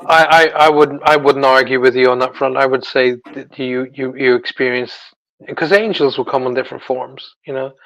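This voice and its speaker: A man's voice: mid-range voice, fairly even intonation, moderate pace, fairly bright tone, no room sound, rough recording. A man speaking as a guest psychic medium in a casual interview, reassuring, often repeating his words.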